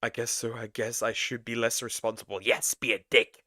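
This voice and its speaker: A man's voice: medium pitch, level tone, normal speed, no echo, studio quality. A man reacting to videos as a streamer, casual, crude and swearing. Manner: crude, swearing, bursts of loud laughter.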